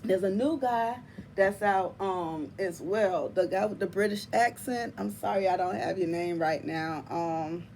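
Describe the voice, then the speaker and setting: A woman hosting her tarot channel, chatting casually to viewers in an animated, emphatic way, laughing often and calling them y'all and honey. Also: medium pitch, a little slow, slight background noise. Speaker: tarot reader and channel host.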